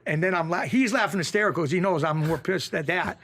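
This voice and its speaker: A man's voice: high voice, fast talker, a bit bright. A man spins casual anecdotes, jumping into the voices of the people he quotes. His voice sits a bit above the usual male range. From Springfield, Massachusetts. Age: 50s. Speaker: guest. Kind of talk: casual storytelling.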